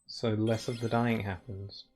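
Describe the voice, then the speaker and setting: A man's voice: on the low side, level tone, a little slow, noisy background. A man giving casual let's-play commentary while streaming a game, chatty and rambling, laughing often and filling his talk with "like". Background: faint game music.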